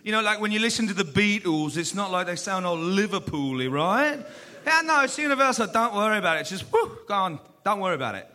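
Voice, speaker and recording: A man's voice: sits high, sing-song, brisk, pushed and bright, heavily acted. An actor playing a cocky British rock singer man with a thick English accent, blustery and full of slang. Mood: insistent.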